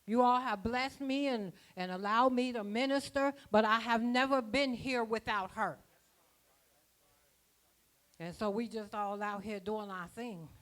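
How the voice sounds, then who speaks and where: A woman's voice: fairly high pitch, measured pace, fairly bright tone. Woman preaching in folksy rhythms. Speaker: apostle preaching. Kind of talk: sermon. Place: church conference.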